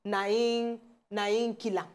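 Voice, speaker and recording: A woman's voice: on the high side, little pitch movement, a little slow, clear, resonant tone. A woman with a Nigerian Pidgin accent, co-hosting a TV talk show in a teasing, chatty way. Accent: Nigerian Pidgin English. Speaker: TV show co-host. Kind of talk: casual chat presenting news stories.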